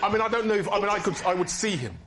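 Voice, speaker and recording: A man's voice: high-pitched, lively intonation, very fast, very noisy. A man guesting on a comedy panel show, explaining his story hesitantly and defensively. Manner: defensive, hesitant under questioning.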